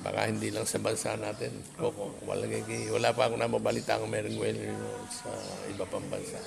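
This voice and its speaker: A man from the Philippines answering interview questions in a halting way, restarting phrases. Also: lowish voice, lively intonation, vocal fry. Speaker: founder of a prayer site, interviewee. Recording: crowd noise behind.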